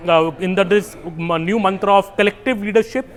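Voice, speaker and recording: A man's voice: high-pitched, moderate pace. A man explaining political strategy as a political editor on a news panel. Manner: explanatory, fact-heavy, with fillers.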